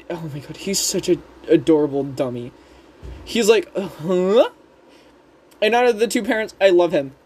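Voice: mid-range voice, darkish tone, a little hiss or hum. A speaker casually recapping a cartoon episode in a rambling, chatty way with frequent giggles. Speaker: show recap host.

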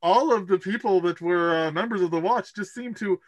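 A man's voice: high voice, a little fast, no room sound, voice pushed up. A man voicing a cheerfully oblivious masked potion maker who talks in a chipper, overly formal way.

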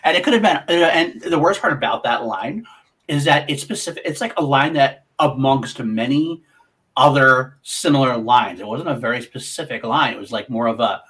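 A man's voice: mid-range voice, moderate pace, fairly bright tone. Rambling man talking trivia recaps. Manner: rambling, repeats phrases while thinking. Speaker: co-host. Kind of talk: casual livestream commentary.

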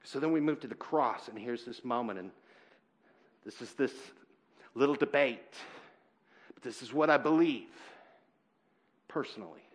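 A man preaching a sermon in church, earnest and halting, swinging between loud emphasis and quiet, heavy moments. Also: medium pitch. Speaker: pastor.

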